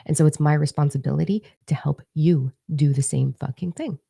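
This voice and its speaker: A woman's voice: low voice, a little fast, gravelly, mellow, husky. A woman spiritual coach talking straight to her live-stream viewers, blunt and emphatic, swearing heavily as she urges them on. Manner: blunt, heavy swearing, emphatic calls to action. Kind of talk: intense motivational talk to viewers.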